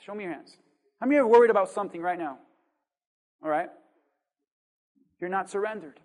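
A pastor preaching a sermon with dynamic swings between loud emphasis and quiet asides, full of rhetorical questions and call-and-response. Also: mid-range voice, animated, fast talker, pauses often.

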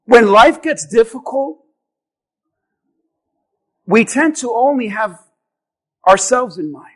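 Male pastor, very high voice, impassioned sermon, shouts and slows for emphasis, church. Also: animated. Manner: impassioned preaching, often shouting and slowing for emphasis.

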